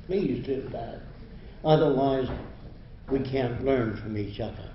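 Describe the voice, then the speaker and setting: A man's voice: medium pitch, unhurried, slight background noise. An older man giving a university lecture in a blunt, emphatic, lecturing manner. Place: lecture hall. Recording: roomy, dull lo-fi hall recording.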